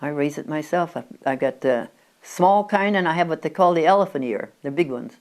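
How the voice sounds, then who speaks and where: Elderly woman in her nineties with a low voice, a rambling interviewee recalling the past. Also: animated, fairly quick, darkish tone. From Oregon, USA. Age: 90s. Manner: chatty, with frequent restarts and stumbles. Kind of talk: rambling reminiscing. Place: at her country home.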